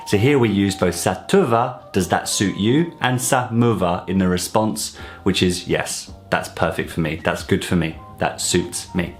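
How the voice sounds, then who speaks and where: A man teaching an online language lesson, explaining clearly and repeating example phrases slowly. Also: low voice, soft background music. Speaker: French teacher.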